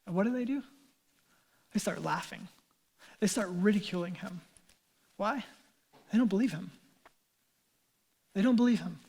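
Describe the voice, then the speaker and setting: A man's voice: sits high, moderate pace, creaky, pauses often, a little mellow, husky. A man in his thirties, a pastor preaching a sermon in an earnest, conversational way with casual asides.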